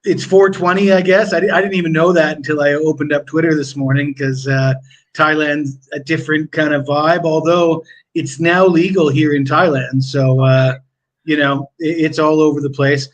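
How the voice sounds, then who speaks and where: A man's voice: fairly high pitch, steady tone, moderate pace. A man co-hosting a casual live stream, laid-back and dry, starting his sentences with hesitant fillers. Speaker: co-host.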